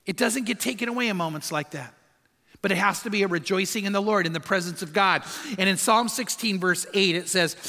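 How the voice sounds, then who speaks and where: Male pastor, middle-aged, storytelling sermon style with emphatic repeats, bright tone. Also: sits high. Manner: storytelling preacher, emphatic repetition. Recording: long hall reverb.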